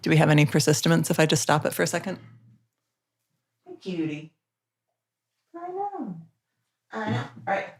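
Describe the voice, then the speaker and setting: A woman's voice: low-pitched, a little fast, long pauses. A young woman hosting a stream from home, chatting casually and giving playful, coaxing commands to her dog. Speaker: livestream host. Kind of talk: casual chat while training a dog.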